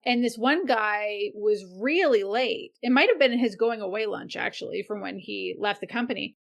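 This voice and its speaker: A woman co-hosting a podcast, chatting casually and easily and giving quick replies. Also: medium pitch, vocal fry. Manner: easygoing, quick backchannel responses. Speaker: podcast co-host. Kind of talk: casual chat.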